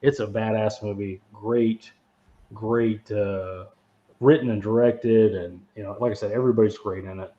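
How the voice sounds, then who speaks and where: A man's voice: on the low side, fairly even intonation, moderate pace, highs cut off. A man co-hosting a casual movie podcast who rambles, swears freely and laughs often as he talks. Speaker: podcast co-host. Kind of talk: casual movie review chat.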